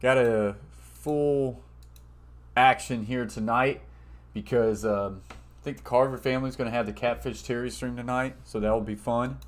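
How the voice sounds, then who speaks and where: A man hosting a live basketball watch-party stream, reading viewer comments aloud and thanking them, getting loud when donations come in. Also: medium pitch, measured pace. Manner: reads chat messages aloud and thanks viewers, gets loud and excited over donations.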